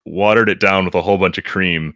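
A man with a low voice talks animatedly on a casual podcast. He laughs easily and restarts his sentences as he goes. The sound is dry and close. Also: fast talker, no room sound. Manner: animated, laughs while reading, restarts often. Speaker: podcast guest reading reviews.

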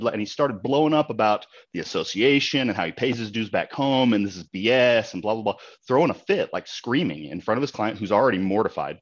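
Male realtor, casual anecdote, quick delivery, slightly low voice, muffled lo-fi recording. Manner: animated, heated retelling with quoted exchanges. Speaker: realtor, local board president. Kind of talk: casual storytelling.

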